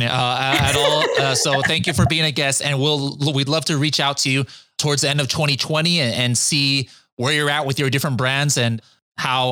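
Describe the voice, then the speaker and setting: A man's voice: mid-range voice, bright, forceful tone, no room sound. A man hosting a podcast interview, upbeat, chatty and playful with his guest. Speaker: podcast host. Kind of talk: casual interview.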